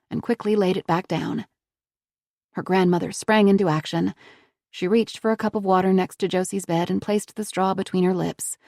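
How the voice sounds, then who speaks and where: A woman reading a thriller audiobook in a steady, measured voice on a close studio mic. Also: mid-range voice, no echo. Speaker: audiobook narrator. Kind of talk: scripted narration.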